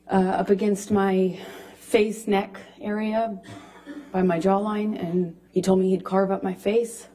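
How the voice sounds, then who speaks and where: A woman in her thirties giving testimony as a witness in a courtroom, speaking haltingly with frequent restarts into a witness stand microphone. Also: medium pitch, dark tone.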